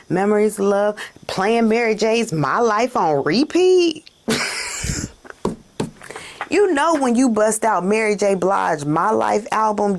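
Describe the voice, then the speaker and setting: Gravelly-voiced female card reader, chatty and dramatic, laughs a lot. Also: mid-range voice. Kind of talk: casual spiritual reading to camera.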